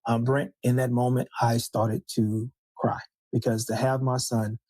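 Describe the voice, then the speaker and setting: A man's voice: mid-range voice, flat delivery, a little slow, dark tone, no room sound, poor audio. A middle-aged man, a father and podcast guest, speaking in casual interview talk that is reflective and full of hesitations.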